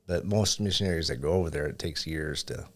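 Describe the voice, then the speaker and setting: A man's voice: a bass voice, fast. A man who grew up in Japan, a business owner talking as a podcast guest in an easygoing, reflective way. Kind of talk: casual interview chat.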